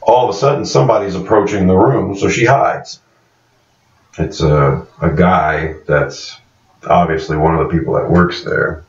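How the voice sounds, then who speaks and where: A man's voice: sits low, moderate pace. A man reviewing a TV series in a casual, rambling recap, stopping now and then to correct himself on character names. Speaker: show reviewer. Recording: echoey, dull-sounding room from a distance.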